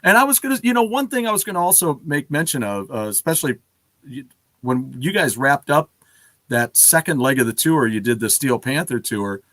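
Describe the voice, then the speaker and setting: An American man hosts a casual interview in a relaxed, joking way. His voice sits at a middle pitch, and the recording is dry, with no room echo. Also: brisk. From United States. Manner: jokey, laid-back. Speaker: podcast host.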